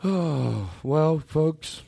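A man's voice: on the high side, expressive, drawn-out words, vocal fry, mellow, breathy edge, dry recording. A man hosting a podcast, rambling and laughing easily, often repeating himself. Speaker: podcast host. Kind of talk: casual podcast chat.

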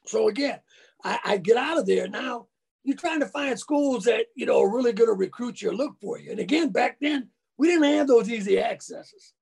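A high-voiced man with a deeply gravelly, rough texture tells stories in a relaxed interview. His husky delivery is folksy and colloquial, the way a former ballplayer talks about the old days. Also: normal speed. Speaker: interview guest, former college football player. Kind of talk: casual storytelling.

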